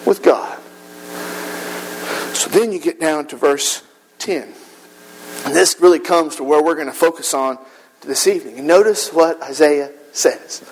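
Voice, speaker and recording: A male pastor preaching an impassioned sermon to his congregation, rising to shouts at the peaks. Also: on the high side, moderate pace, a little hiss or hum, rough recording. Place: church service with congregation.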